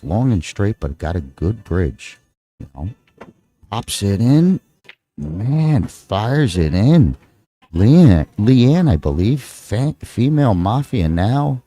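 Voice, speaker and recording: A deep-voiced man with a Texan accent commentates live pool, his tone dark and relaxed. He rambles casually and teases his partner between shots. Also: dry recording. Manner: rambling, joking with his co-host.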